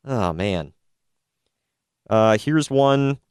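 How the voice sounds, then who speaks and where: A man's voice: fairly low pitch, animated, very slow, a little mellow, clear, resonant tone, no room sound, clean studio sound. A man hosting a casual wrestling news podcast, wry and opinionated, often laughing at his own jokes. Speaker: podcast host.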